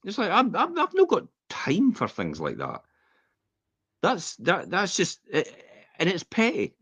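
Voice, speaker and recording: A middle-aged Scottish man co-hosts a podcast in a high, unhurried, slightly rough voice. He chats casually and tells rambling, animated anecdotes, acting out quotes, and the dry recording sounds dull and slightly lo-fi.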